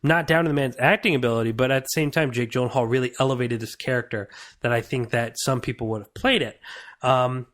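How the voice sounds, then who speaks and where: Young man, podcast film reviewer, earnest, rambling, mid-pitched voice. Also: fairly even intonation, fast, fairly bright tone. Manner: earnest and rambling, restarts and loses his place. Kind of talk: casual spoken film review.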